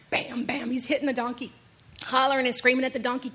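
A middle-aged woman pastor delivers a sermon as lively storytelling, her voice fairly high with a husky, breathy grain. She laughs her way through the tale and talks straight to her congregation. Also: fast talker.

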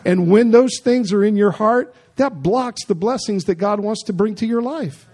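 A man's voice: sits high, moderate pace, darkish tone. A man preaching a sermon in an emphatic, conversational way, with frequent asides to the congregation. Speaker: pastor.

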